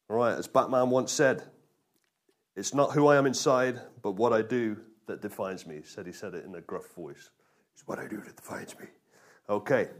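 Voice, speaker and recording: A man preaching a lively sermon, drawing responses from his congregation and repeating key phrases for emphasis. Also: mid-range voice. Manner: energetic, call-and-response with congregation, emphatic repetition. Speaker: pastor.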